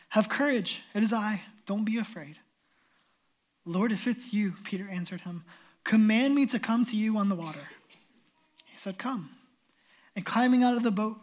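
A man preaching as pastor, reading scripture and retelling it in an earnest, emphatic storytelling way. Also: high-pitched.

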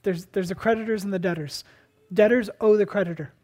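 Pastor delivering an emphatic sermon, hushed-to-loud dynamics, rhetorical questions. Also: medium pitch, fairly quick. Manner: asks and answers rhetorical questions.

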